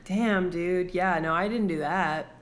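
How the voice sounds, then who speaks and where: A woman's voice: fairly low pitch, unhurried. Irreverent young woman retelling a story. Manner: irreverent, swearing, deadpan asides. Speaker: podcast host.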